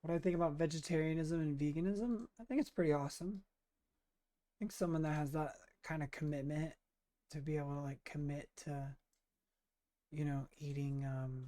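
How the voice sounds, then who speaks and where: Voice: medium pitch, darkish tone, slight background noise. A streamer chatting casually while playing a video game, answering chat with lots of fillers.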